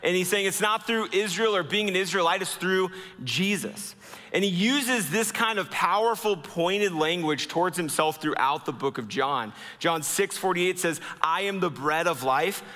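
A man preaching a sermon as pastor. He speaks earnestly, slowing down and dropping low to stress key lines. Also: pushed and bright, big-room sound.

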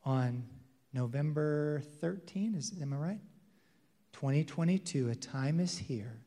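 A male pastor preaching a sermon with emphasis, swinging between loud declarations and hushed, intimate passages. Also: on the high side, animated, measured pace. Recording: long hall reverb.

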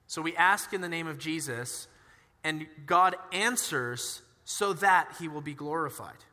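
Bright-voiced young man preaching in a reverberant hall. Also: on the high side, unhurried. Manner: animated, conversational, acts out dialogue in his stories. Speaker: pastor. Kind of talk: sermon with personal storytelling.

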